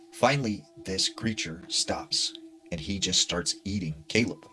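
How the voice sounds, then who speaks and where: A man narrating a spooky true story in a hushed, dramatic way with casual fillers. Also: deep voice.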